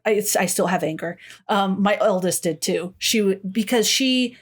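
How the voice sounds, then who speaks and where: A middle-aged woman co-hosting a podcast, chatting casually and animatedly, swearing freely and acting out her own reactions. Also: mid-range voice. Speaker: podcast co-host. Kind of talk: casual chat.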